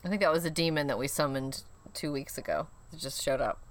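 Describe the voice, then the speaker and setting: A woman's voice: low-pitched, a little fast. A woman co-hosting a podcast in a casual chat, playful and giggly, often teasing herself. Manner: playful, giggly, self-mocking. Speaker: podcast co-host.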